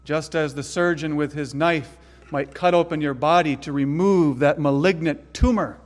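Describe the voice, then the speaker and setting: A man preaching a sermon in an earnest way, dropping to hushed tones and rising to sudden loud emphasis. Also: a little high, normal speed, long reverb tail. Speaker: pastor.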